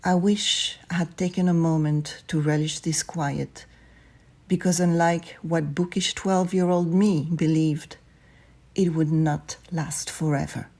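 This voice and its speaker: A woman reading student stories aloud in a calm, measured way. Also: deep voice. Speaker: narrator.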